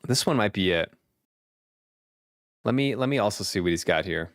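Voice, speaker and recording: A man's voice: fairly low pitch, animated, normal speed, dry recording, studio quality. A male streamer chatting casually and thinking aloud, rambling with fillers. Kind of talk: casual chat.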